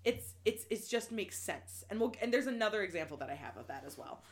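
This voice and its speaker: A woman recapping a novel in casual chat, animated and laughing often, swearing freely and full of restarts. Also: medium pitch, brisk, slight background noise.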